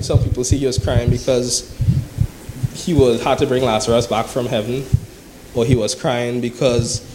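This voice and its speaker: A man's voice: medium pitch, noisy background. A man preaching a sermon. He reads scripture aloud, then explains it in a conversational way, often asking "right?".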